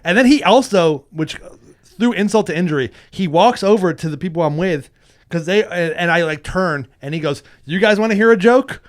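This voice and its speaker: A man co-hosting a podcast, chatting casually and telling jokes with lively, animated delivery. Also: high voice, moderate pace. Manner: animated storyteller, drops his voice for joke characters. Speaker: podcast co-host.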